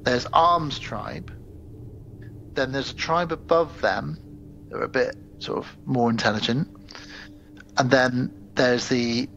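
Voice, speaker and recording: A man co-hosting a podcast, casually retelling a film's plot with animated asides and quick acted-out quotes. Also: medium pitch, gravelly, muffled recording, a little hiss or hum. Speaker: podcast co-host. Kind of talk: casual chat.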